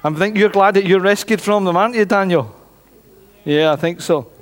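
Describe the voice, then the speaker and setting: Animated preacher in a reverberant church. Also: male voice, sits high, normal speed. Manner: animated storytelling, voices characters. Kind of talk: children's Bible story in church.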